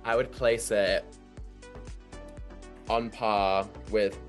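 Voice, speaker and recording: A man's voice: lowish voice, steady tone, drawn-out words, faint music behind. A young man, a drag queen guest chatting in a giggly, playful and theatrical way. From Manchester, England. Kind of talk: casual interview chat.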